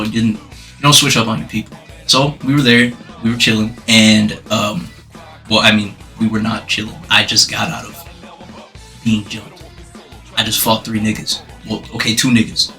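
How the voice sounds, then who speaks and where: Lively, cussing man telling a story. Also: mid-range voice. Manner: animated, profane, laughing storyteller. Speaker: vlogger. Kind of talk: storytime vlog.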